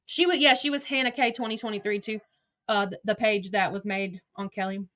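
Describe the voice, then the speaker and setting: A woman's voice: mid-range voice, fairly even intonation, fairly quick, a bit bright. A middle-aged woman hosting a livestream, ranting in a combative, profane way and talking straight to her chat and her critics. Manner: talks to chat and absent critics directly. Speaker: livestream host. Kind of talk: heated livestream rant.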